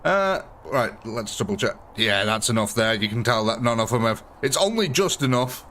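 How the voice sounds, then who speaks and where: A man's voice: mid-range voice, expressive, normal speed, a bit bright, slight background noise. A young man chatting through a live gameplay stream, thanking viewers and talking through his choices.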